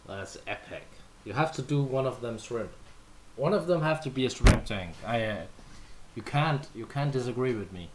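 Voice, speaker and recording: A man's voice: mid-range voice, animated, normal speed, background noise. A Danish man, whose first language is Danish, chatting casually with viewers as a livestream host, playful and full of fillers. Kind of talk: casual chat answering viewers.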